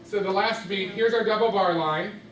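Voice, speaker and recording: High-voiced male teacher in echoey classroom. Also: moderate pace, fairly bright tone. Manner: patient, questioning students by name. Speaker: music teacher. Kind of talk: classroom instruction. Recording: distant echoey classroom with background noise.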